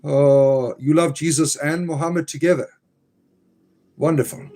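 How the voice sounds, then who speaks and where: A man's voice: a little high, fairly even intonation, unhurried, mellow. A man hosting a casual livestream, reading viewer comments aloud with wry remarks and muttered asides. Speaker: livestream host reading chat. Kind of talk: casual live-stream chat.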